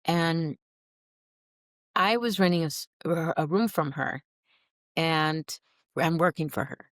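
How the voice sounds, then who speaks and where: A middle-aged woman, a podcast guest, earnestly telling her personal story in an animated, heartfelt way. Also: sits low, takes it slowly, no echo, clean studio sound. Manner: earnest, animated, acts out quoted dialogue. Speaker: podcast guest, recovery program alumna.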